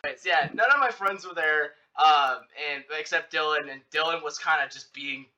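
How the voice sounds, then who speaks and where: A young man chats casually, spinning out a personal story with constant fillers and restarts. His voice is very bright and edged, and he jumps up in pitch when acting out what he said back then. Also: moderate pace, muffled recording. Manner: rambling, filler-heavy, animated retelling. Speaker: podcast host telling a story.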